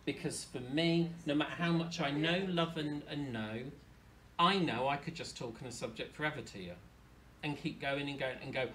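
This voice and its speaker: A man, a medium talking casually to an audience, chatty and animated. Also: on the high side, a little fast, slight background noise. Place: hall with an audience.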